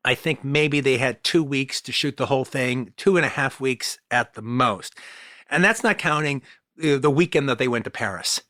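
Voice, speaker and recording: A man's voice: mid-range voice, moderate pace, bright, forceful tone, dry recording, studio quality. A man co-hosting a podcast, talking about old movies in a rambling, enthusiastic way with lots of restarts. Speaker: podcast co-host. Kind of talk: casual film discussion.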